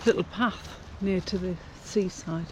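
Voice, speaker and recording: An older woman with a fairly low, steady voice chats unhurriedly to the camera as she walks a pilgrimage trail outdoors on country paths. Her casual walking vlog rambles, full of fillers, over a noisy background.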